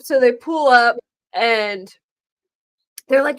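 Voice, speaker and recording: A middle-aged woman with a high voice hosts a true crime talk show, speaking slowly and chatting casually. She tells her stories with animation, acting out the voices of the people she quotes.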